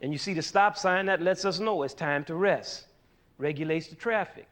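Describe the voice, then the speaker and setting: Teaching rhythm, this male music teacher keeps the class engaged by asking questions and coaxing responses, all in an animated manner. He speaks at normal speed with a slightly high voice.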